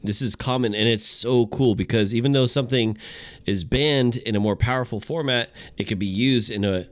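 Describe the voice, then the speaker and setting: A man's voice: medium pitch, moderate pace, dry recording. A man co-hosting a podcast in casual chat, easygoing, with many fillers. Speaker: podcast co-host.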